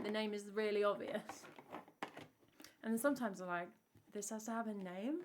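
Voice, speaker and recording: A woman's voice: medium pitch, moderate pace, a little hiss or hum. An English woman from England, a singer-songwriter chatting casually between songs on her live stream, rambling and full of "like" fillers.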